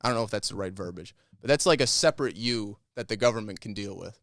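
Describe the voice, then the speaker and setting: A man's voice: fairly low pitch, expressive, fast, a bit bright, dry recording, studio quality. Profane man rambling through a story. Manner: rambling, profane retelling of a conversation. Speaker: podcast co-host. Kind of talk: casual comedic storytelling.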